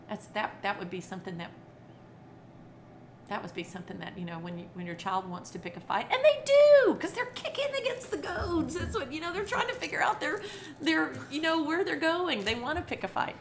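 Lively, expressive woman storyteller. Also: high voice, moderate pace, slight background noise. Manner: expressive, acts out quotes, laughs often. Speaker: children's entertainer and author, guest. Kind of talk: animated storytelling in conversation.

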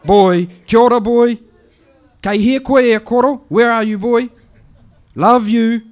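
A man voicing a loud, bossy, teasing elderly Māori auntie who hollers and scolds down the phone in a comic poetry performance. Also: a little slow. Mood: calling. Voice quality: shrill and loud, calling out. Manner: scolding, hollering, laughing at herself.

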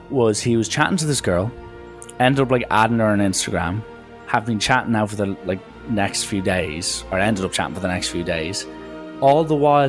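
A young man telling a casual, rambling anecdote and acting out the people in it. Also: fairly low pitch. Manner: lively, jumps into quoted voices, rambling asides. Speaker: storyteller.

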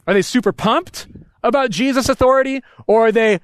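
A man's voice: extremely high pitch, fairly quick, smooth, no echo. A male pastor preaching a conversational sermon. He is casual, slangy and emphatic, and often checks in with the congregation with "right?".

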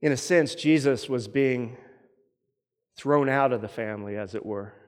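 A man preaching from the pulpit in a mid-pitched voice, earnest and steady. He often repeats a word or phrase as he builds his point. His voice rings with the long reverb of a church sanctuary. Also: a little slow. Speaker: pastor. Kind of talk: sermon.

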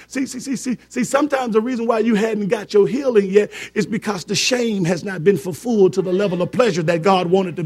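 A man's voice: sits high, a little mellow. A man preaching a fervent sermon, repeating words for emphasis and joking with his congregation.

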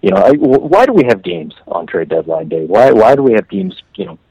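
A man from Canada talking hockey on a podcast, animated and full of restarts, his pitch leaping on stressed words. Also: brisk, breathy edge, dry recording, dull audio. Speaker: hockey writer guest. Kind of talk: casual podcast chat.

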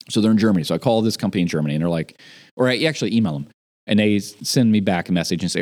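A man in casual chat, telling an animated story about a job gone wrong. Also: fairly low pitch, rapid-fire. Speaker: podcast guest.

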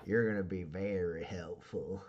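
Man doing a loud bossy gang chief woman. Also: low-pitched, fairly even intonation, measured pace, lo-fi sound, noisy background, pitched below the performer's own voice. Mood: gruff approving. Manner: barking orders, loud and threatening. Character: tough female gang boss, commanding.

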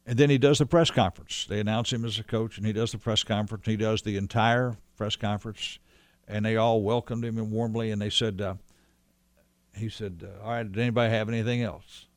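A lowish male voice with fairly even intonation moves at a brisk clip, free of any room sound. He's a guest reminiscing about an old friend, wandering through the tale casually with restarts and remembered lines of dialogue.

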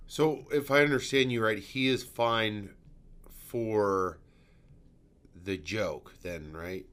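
A man's voice: on the low side, takes it slowly, fairly bright tone, clean tone. A man hosting a podcast in casual chat, with dry, teasing asides. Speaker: podcast host. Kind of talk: casual chat, show intro.

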